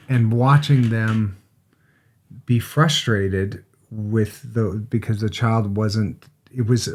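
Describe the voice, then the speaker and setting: A middle-aged man with a fairly low voice tells a long personal story in casual podcast talk. He gets animated as he goes, breaks off and restarts his sentences, and puts on quick voices for the people he quotes. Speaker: podcast co-host.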